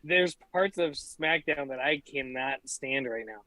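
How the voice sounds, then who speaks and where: A man's voice: medium pitch, a little slow, bright, forceful tone, dry recording, rough recording. A man co-hosting a casual podcast chat over a video call, laid-back and swearing freely. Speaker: podcast co-host.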